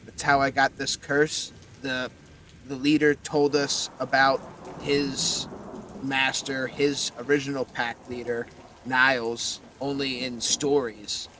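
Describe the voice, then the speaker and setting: A man's voice: mid-range voice, little pitch movement, slow pace, bright, forceful tone, a little hiss or hum. A man voicing the spirit of a dead werewolf speaking through its skull, coarse, swearing and pained.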